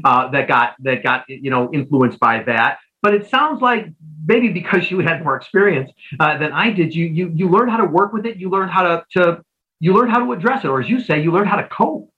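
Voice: medium pitch, animated, brisk, fairly bright tone, dull audio. A host interviewing an author in a chatty, friendly way, often restarting sentences. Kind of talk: conversational interview.

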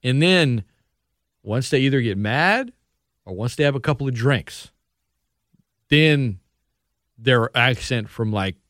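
A man, a radio sports host chatting loudly and lively at a studio microphone, laughing often. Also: medium pitch, takes it slowly, long pauses, no room sound. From Louisiana. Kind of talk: casual radio banter.

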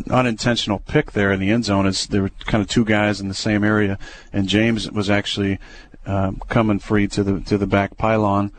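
A young adult man, a quarterback, talking through plays in a relaxed, hesitant way with many fillers and restarts. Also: on the low side, slight background noise. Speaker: football quarterback. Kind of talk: casual radio interview.

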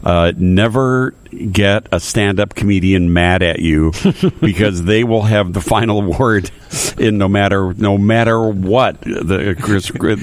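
Male radio host, very low voice, stop-start casual talk. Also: no echo. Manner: hesitant, many uh fillers and restarts.

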